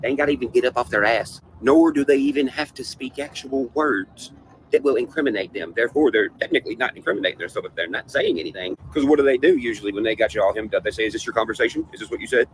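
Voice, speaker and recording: A man's voice: medium pitch, fast talker, rough recording. A man ranting in a casual livestream panel, profane and conspiratorial, with faint noise behind him. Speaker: panel guest.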